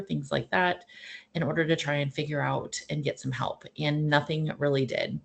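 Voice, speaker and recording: Low gravelly-voiced woman, earnest storyteller. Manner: earnest, rambling storytelling with fillers. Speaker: wellness class host. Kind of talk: casual personal talk and teaching.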